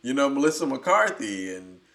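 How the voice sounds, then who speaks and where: Chatty podcast guy, gushes a lot, bright voice, mid pitch. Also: normal speed, creaky. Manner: chatty, expressive, gushing. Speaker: podcast co-host. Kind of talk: casual chat.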